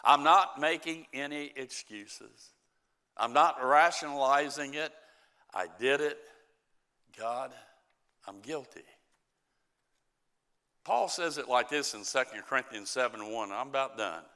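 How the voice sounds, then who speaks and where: Slow, bright-voiced man preaching. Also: medium pitch, smooth. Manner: slow, emphatic preaching with scripture reading and soft drops in volume. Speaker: pastor. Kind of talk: sermon.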